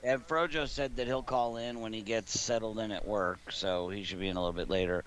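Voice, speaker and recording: A man's voice: on the low side, steady tone, fairly quick, a bit bright. A man in his thirties, gaming streamer, telling a rambling story in casual chat from his living room and laughing often.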